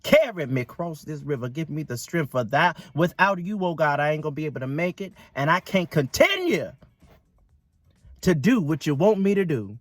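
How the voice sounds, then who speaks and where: A man's voice: a little high, sing-song, normal speed, no echo, voice pushed down. A man voicing a determined enslaved woman who prays earnestly and refuses to turn back. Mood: pleading.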